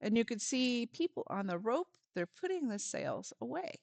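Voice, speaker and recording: A woman's voice: on the high side, sing-song, normal speed, vocal fry, a little mellow, no room sound. A woman volunteer giving a friendly step-by-step craft lesson for parents and children, with some fillers.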